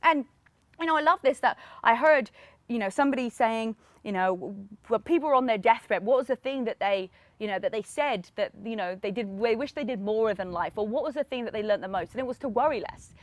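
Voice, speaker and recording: Upbeat woman with a bright voice. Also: a little high, a little fast, no room sound. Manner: energetic, repeats "right?" and "um", laughs often. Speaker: podcast host. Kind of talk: motivational solo podcast talk.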